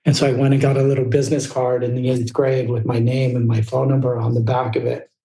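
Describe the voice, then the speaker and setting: A man's voice: medium pitch, little pitch movement, fast talker, warm tone, roomy sound, poor audio. A middle-aged man from Southern California, telling his story as a podcast guest in a candid, rambling way. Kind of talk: casual storytelling interview.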